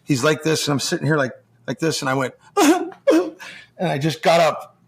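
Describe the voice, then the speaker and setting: A middle-aged man, a former hockey player and podcast guest, telling profane locker-room stories in a lively, casual way full of restarts. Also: on the high side, moderate pace, breathy edge. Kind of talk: casual storytelling chat.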